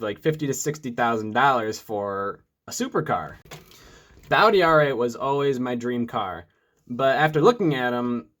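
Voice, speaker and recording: A young man in his mid-twenties talks straight to camera in a casual vlog. He opens with an energetic greeting and then settles into a steady, plain account at a middle pitch. He grew up in Metro Detroit. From Metro Detroit, USA. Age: 20s. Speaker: vlogger.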